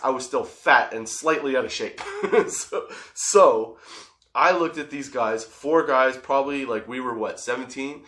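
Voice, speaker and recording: A man hosts a comedy podcast, spinning a long, profane story that he keeps laughing through. His voice sits at an ordinary middle pitch, and it carries a roomy echo from the space he records in. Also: bright, forceful tone. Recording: roomy echoey room.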